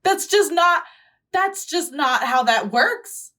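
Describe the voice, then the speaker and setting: A woman's voice: high voice, lively intonation, slow, a bit bright. Blunt, profane woman host. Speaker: YouTube host. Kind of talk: casual reaction commentary.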